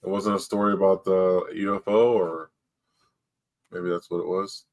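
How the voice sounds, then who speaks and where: A man co-hosting a casual live stream, who talks in a halting, unsure way with many fillers. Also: sits low, flat delivery. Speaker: co-host.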